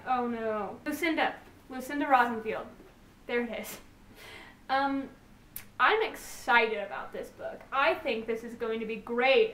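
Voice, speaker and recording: A woman's voice: on the high side, a bit bright. Bubbly young woman gushing about books. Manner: bubbly, gushing, rambling with fillers. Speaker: book vlogger. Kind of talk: casual book haul chat. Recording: echoey room, distant mic, faint hiss.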